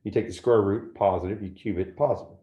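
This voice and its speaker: A man's voice: lowish voice, quick pace, mellow, roomy sound, muffled recording. A man teaching a math lesson step by step, often checking in with "right?". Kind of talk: classroom lecture at a whiteboard.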